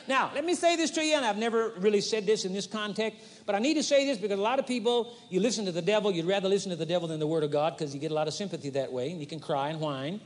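A high-pitched male preacher delivers a folksy, animated sermon, acting out little scenes. The 1980s live recording from a large arena carries a long, lingering reverb. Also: rapid-fire, few pauses.

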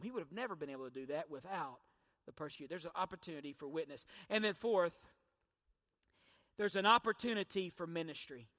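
A man's voice: a little high, expressive, a little fast, a bit bright. A middle-aged man preaching a sermon, using emphatic rhetorical questions and repetition. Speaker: pastor. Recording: church hall reverb.

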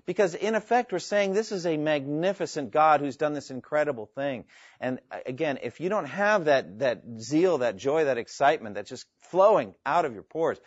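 A man's voice: a little high, expressive, moderate pace, no echo. Male Bible teacher, earnest, reads scripture and explains, dry close sound, slightly dull recording. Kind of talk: Bible teaching to a live class, taking questions.

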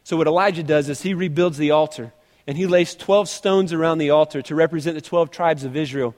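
A man preaching a sermon, reading scripture aloud and retelling it in an animated, conversational way with frequent restarts. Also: a little high, a little fast, big-room sound.

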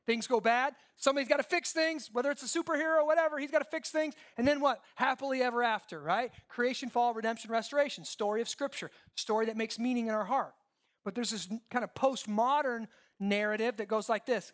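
Pastor, male, emphatic sermon delivery, dips to near-whispers and climbs to loud points. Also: very high-pitched, quick pace. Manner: animated, emphatic, shifts from hushed to loud.

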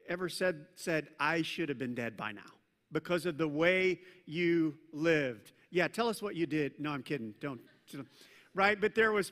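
Bright-voiced pastor preaching in a reverberant church. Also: male voice, on the high side. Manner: conversational, joking with the congregation; swings between loud emphasis and hushed intensity. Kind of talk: sermon. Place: church service with a congregation.

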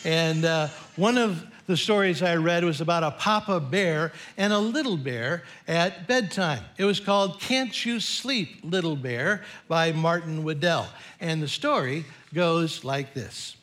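A man's voice: a little high, animated, a little slow, hardly any pauses, fairly bright tone. A middle-aged man preaching a sermon as pastor, telling a story in a playful way.

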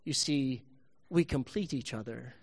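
A man, a pastor, telling a Bible story to children in a church service, playful and animated. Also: medium pitch, measured pace, slightly rough, some chatter behind.

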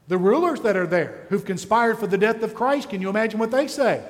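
A man's voice: high-pitched, lively intonation, quick pace, hardly any pauses, long reverb tail. A man preaching a sermon, intense and full of rhetorical questions. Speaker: pastor.

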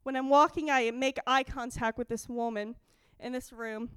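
Young woman, high voice, smooth tone, dry close sound, excited church testimony. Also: normal speed, no room sound. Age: young adult. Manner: excited, animated storytelling with quoted dialogue. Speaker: church speaker.

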